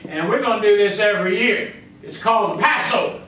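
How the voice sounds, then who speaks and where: A man's voice: sits high, a little fast, sharp tone, a little hiss or hum. A man with a Texan accent preaching a folksy sermon as pastor, acting out the voices of the people he talks about. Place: church sanctuary. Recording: echoey church sound from far off.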